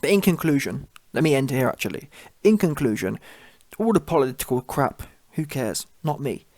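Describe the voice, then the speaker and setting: A man's voice: medium pitch, big pitch swings, moderate pace, a little mellow, dry recording, studio quality. A man giving a blunt, mocking opinion monologue as a channel host, laughing at his own points.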